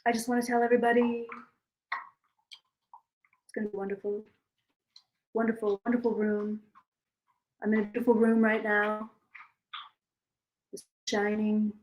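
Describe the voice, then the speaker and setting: A woman's voice: medium pitch, little pitch movement, highs cut off, a little hiss or hum, lightly acted. A woman doing an impression of a boastful older male politician who keeps repeating superlatives. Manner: repeats superlatives, drawn-out bragging.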